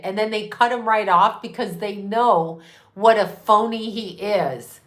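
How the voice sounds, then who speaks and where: Slow, bright-voiced woman in her fifties. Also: mid-range voice. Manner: irreverent, profane, laughing asides. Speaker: host. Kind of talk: casual rambling monologue. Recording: echoey room.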